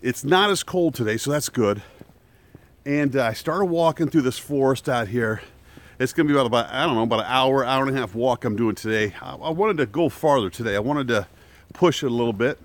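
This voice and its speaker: A man with a medium-pitched voice chats fairly quickly while live-streaming his outdoor walk in a wooded park on a selfie-stick camera. Laughing a lot, he makes jokes about the surrounding danger in a casual way.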